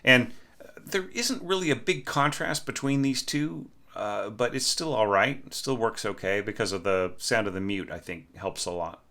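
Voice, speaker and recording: A man with a somewhat low voice and a bright, forward tone gives a relaxed orchestration lesson. He talks casually over a score, sings snippets of the music, and keeps asking his listeners "right?". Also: normal speed. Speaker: orchestration teacher.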